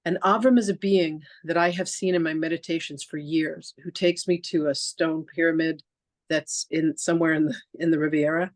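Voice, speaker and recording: A woman's voice: low voice, moderate pace, no room sound. Chatty woman host telling a story. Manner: animated storyteller acting out quoted dialogue; chatty, peppered with "like" and restarts. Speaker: podcast host, reverend. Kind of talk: personal storytelling in casual chat.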